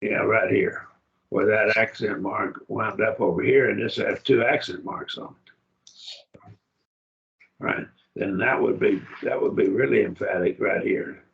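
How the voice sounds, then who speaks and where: Slow, gravelly male Greek teacher, lo-fi classroom recording. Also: fairly low pitch, fairly even intonation. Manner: slow, repeats words aloud to model pronunciation. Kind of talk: classroom lecture. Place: church classroom.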